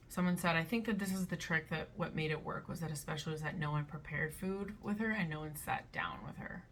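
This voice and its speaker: A young woman with a bright, forceful voice chats casually about online posts in a blunt, lively way. She sits a little low in pitch for a woman and slips into playful voices as she talks. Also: a little hiss or hum. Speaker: reaction video host.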